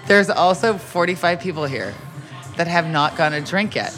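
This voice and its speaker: Expressive woman in her forties. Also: on the low side, moderate pace, faint music behind. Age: 40s. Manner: expressive, laughs often, mimics customers. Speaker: bartender, guest. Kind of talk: casual chat.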